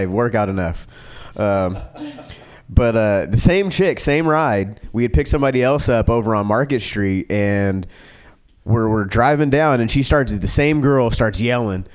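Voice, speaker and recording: A man doing a stand-up comedy set, rambling and profane, full of fillers and restarts, who jumps to a higher pitch when he acts out other people. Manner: acts out characters in a raised pitch.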